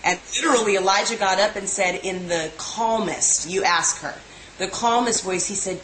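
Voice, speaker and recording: A woman in casual chat, lively, jumping in to add details to a shared story. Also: medium pitch, normal speed, a little hiss or hum. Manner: lively, interrupting to set the scene. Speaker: exorcist. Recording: echoey room.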